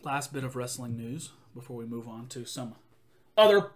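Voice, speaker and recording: A man chatting casually as a podcast host, an animated storyteller who acts out quotes and laughs often. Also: medium pitch, normal speed. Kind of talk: casual chat.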